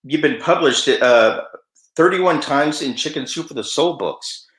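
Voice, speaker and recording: Bright man hosting in an echoey room. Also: fairly high pitch, lively intonation, a little slow. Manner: upbeat and appreciative. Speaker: event host introducing readers. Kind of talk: event hosting.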